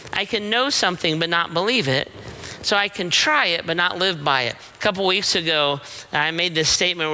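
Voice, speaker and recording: A man's voice: sits high, bright, forceful tone, slight background noise, low-quality recording. A middle-aged man giving a conversational sermon as pastor, telling stories and checking in with rhetorical questions. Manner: storytelling with frequent rhetorical "right?" checks.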